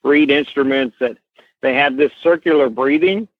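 A middle-aged man with a Kentucky Southern accent tells stories slowly as a podcast guest, often pausing on fillers. His voice comes through a narrow, tinny line, close and dry with no room sound. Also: mid-range voice, no room sound. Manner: slow, unhurried, many uh fillers. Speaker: guest, horse association president. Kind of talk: casual podcast interview, storytelling.

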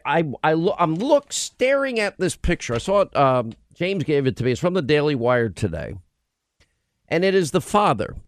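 Radio host guy ranting, kinda high voice, sarcastic, keeps restarting, dry studio mic. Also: dry recording. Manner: emphatic, sarcastic, frequent restarts. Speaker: radio talk show host. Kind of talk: talk radio monologue.

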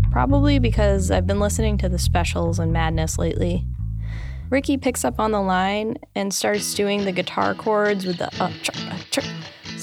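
A woman with a mid-range voice and a gravelly, creaky edge narrates her own memoir in the first person. Her delivery is candid, dry and deadpan, with soft guitar playing faintly underneath. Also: medium pitch.

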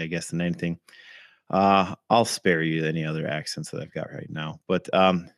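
A man hosting a casual fantasy football recap podcast, slightly hoarse with something in his throat, talking conversationally with frequent ums and throat clearing. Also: low voice, dry recording, studio quality. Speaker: podcast host.

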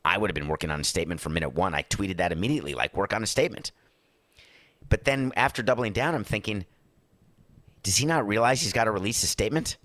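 A man's voice: fairly low pitch, fast, fairly bright tone, no echo, studio quality. A male podcast host giving sarcastic sports business commentary, often acting out the people he quotes.

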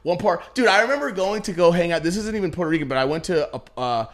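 A man's voice: sits high, quick pace. A man hosting a podcast, telling stories in loose, profane casual chat with friends. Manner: loose, profane, animated storytelling. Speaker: podcast host.

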